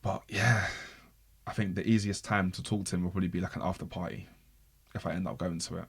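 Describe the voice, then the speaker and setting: A man, a podcast guest telling a story in lively slang and repeating words for emphasis. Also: sits low, fast, slightly rough. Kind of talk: casual storytelling.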